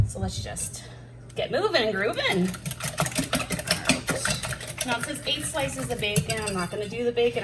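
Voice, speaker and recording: A woman's voice: on the high side, heavy background noise. Chatty homeschool mom cooking, kinda far from the mic, dishes clinking around her. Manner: chatty, self-deprecating, thinks aloud while working. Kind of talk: casual cooking chat. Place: home kitchen. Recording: distant mic with clattering dishes behind.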